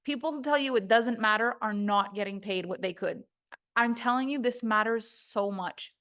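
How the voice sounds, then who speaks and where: A woman's voice: on the high side, normal speed, fairly bright tone. A woman voice coach giving a recorded course lesson, talking emphatically and acting out quoted voices.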